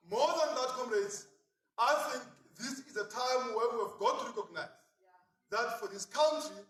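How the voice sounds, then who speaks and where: Male union orator, high bright voice, booming echo from a distance; rally speech. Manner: impassioned, repeatedly addressing "comrades", builds to shouts. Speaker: union speaker at a memorial. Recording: echoey public address from a distance.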